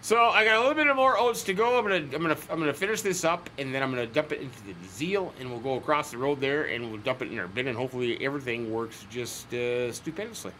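A man's voice: medium pitch, lively intonation, fast, few pauses, fairly bright tone, a little hiss or hum. A man chatting casually to viewers while playing a farming game, rambling and cracking jokes. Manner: rambling, joking asides to viewers. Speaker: gaming channel host.

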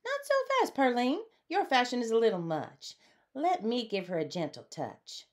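A woman voicing a gentle, refined female armadillo who is a fairy godmother, speaking properly and kindly. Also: a little high, sing-song, normal speed, voice pushed up. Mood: firm.

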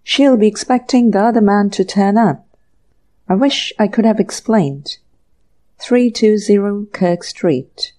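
A woman voicing an irritable young male author who mutters to himself in brisk, exasperated bursts. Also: mid-range voice, warm tone, natural voice. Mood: bewildered, exasperated.

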